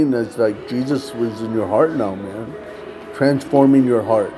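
A man's voice: medium pitch, slow pace, mellow, soft background music, low-quality recording. A man telling a personal story in casual testimony style, acting out the dialogue of others and saying "man" often. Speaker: storyteller recounting street ministry.

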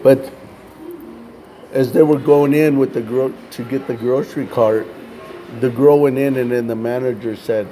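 A man telling a religious testimony as a story, halting and often repeating words as he goes. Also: mid-range voice, fairly even intonation, mellow, a little hiss or hum, rough recording. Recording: music playing behind voice.

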